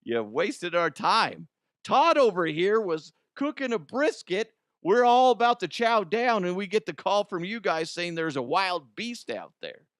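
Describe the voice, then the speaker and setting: A man's voice: high voice, sing-song, unhurried, fairly bright tone, dry recording, clean studio sound, voice pushed up, exaggerated voice. Man doing a fed-up small-town cop. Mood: exasperated. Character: annoyed male small-town police officer.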